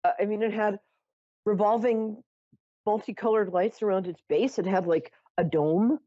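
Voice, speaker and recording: A woman's voice: lowish voice, dark tone, dry recording, highs cut off. A woman hosting a psychic call-in show, telling a story in a chatty, theatrical way with self-mocking asides. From New York. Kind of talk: casual storytelling to callers.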